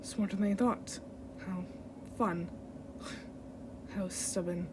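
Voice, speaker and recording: A woman voicing a menacing shadowy female spirit with a put-on Russian accent, taunting in a low, hushed whispered role-play. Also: fairly even intonation, takes it slowly, slight background noise, natural voice.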